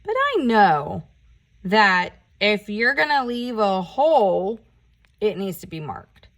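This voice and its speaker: A woman vlogger chatting casually while doing her nails, telling a story in an animated, ranting way and swearing often. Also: mid-range voice. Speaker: nail art vlogger.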